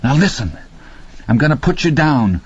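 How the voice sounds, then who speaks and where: A man reading an audiobook, voicing a desperate, exhausted young man stranded on a raft, with a husky voice. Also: medium pitch, big pitch swings, moderate pace, voice pushed up. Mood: frantic shouting. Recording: dull lo-fi audio.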